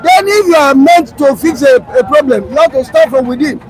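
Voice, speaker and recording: A man speaks in a strikingly high voice as a political commentator. He argues emphatically, throws out rhetorical questions and often stalls on "uh" and "I mean". A faint crowd murmur sits behind him. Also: brisk, poor audio. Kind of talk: live political talk show discussion.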